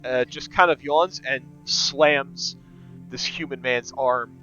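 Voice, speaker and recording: A man narrating a tabletop game as game master, in a relaxed way with many filler sounds. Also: mid-range voice, slow pace, lo-fi sound, soft background music.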